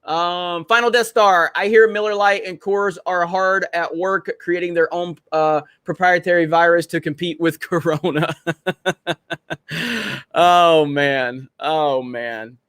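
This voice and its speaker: A man's voice: high voice, steady tone, takes it slowly, fairly bright tone, smooth, no echo, clean studio sound. A man hosting a casual livestream from home, reading viewer comments aloud, laughing often and swearing freely. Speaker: livestream host reading chat. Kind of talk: casual live-stream chat. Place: home in Florida.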